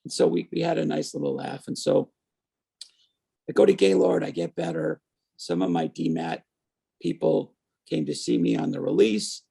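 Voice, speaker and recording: A man in his fifties, a guest on an interview show, telling his story in a lively way and acting out the voices of people he quotes. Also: medium pitch, moderate pace, gravelly, pauses often, husky. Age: 50s.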